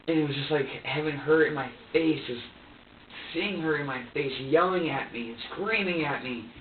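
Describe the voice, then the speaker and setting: Distressed man, tinny distant recording. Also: a little high. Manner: halting, repetitive, distressed. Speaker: suspect under questioning. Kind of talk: emotional account to investigators. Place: interrogation room. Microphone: far room microphone. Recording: distant, echoey, tinny surveillance recording with faint hiss.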